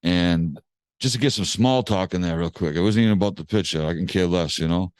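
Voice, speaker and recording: Slangy, low-voiced male storyteller. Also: fairly quick, clean tone, no echo. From Massachusetts. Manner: animated, slangy, swears casually, acts out other people's lines. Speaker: music producer guest. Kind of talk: casual storytelling.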